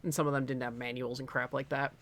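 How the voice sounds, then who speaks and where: A man's voice: medium pitch, flat delivery, fast, fairly bright tone, slight background noise. A man co-hosting a stream, chatting casually, rambling with frequent laughter and swearing. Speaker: streamer co-host. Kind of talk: casual chat.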